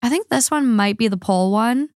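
A woman's voice: a little high, expressive, normal speed, a little mellow, dry recording, studio quality. A woman hosting a podcast, a little drunk, rambling through online comments with lots of fillers and slips. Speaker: podcast host. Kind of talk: casual chat reading online comments.

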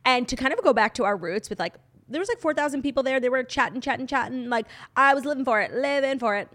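A woman co-hosting a podcast in casual chat, gushing and full of "like" fillers, her voice a little hoarse. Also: high-pitched, animated, fast talker, a bit bright. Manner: chatty, gushing, lots of "like" fillers. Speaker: podcast co-host.

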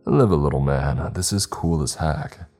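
Rowdy young male hunter friend, excitable, eggs his pal on, narrator's put-on voice. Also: extremely low pitch, unhurried, faint music behind, full character voice. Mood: excited. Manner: excited, goading.

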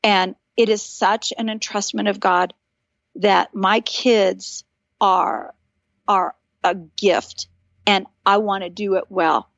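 A woman's voice: mid-range voice, steady tone, slow, vocal fry, fairly bright tone, no room sound, highs cut off. A woman in her fifties, a guest author, telling stories animatedly in a casual podcast conversation and acting out the voices she quotes.

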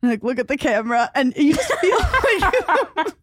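A woman with a high voice tells animated stories as a podcast guest, acting out the people in them. The sound is dry and close, with no room around her. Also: normal speed, no room sound. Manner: animated storytelling, acting out quotes. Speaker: comedian guest. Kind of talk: casual podcast chat.

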